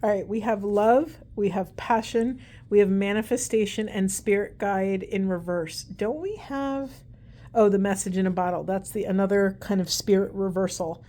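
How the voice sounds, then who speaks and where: A woman's voice: mid-range voice, fairly even intonation, normal speed, dark tone. A woman giving a casual, meandering tarot-style card reading at home, talking aloud to spirit as she goes. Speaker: tarot reader.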